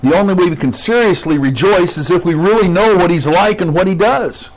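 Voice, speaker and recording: A man's voice: high voice, a little fast. A pastor preaching a sermon, teaching in a conversational way with asides and rhetorical questions to his congregation.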